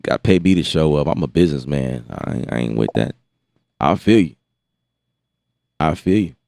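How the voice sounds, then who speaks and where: A very deep-voiced American man talking loosely to his stream, animated and exasperated, restarting and repeating words as he goes. His voice sounds close and dry, with no room around it. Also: moderate pace, creaky, dry recording. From United States. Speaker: beat-making livestream host. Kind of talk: casual livestream chat.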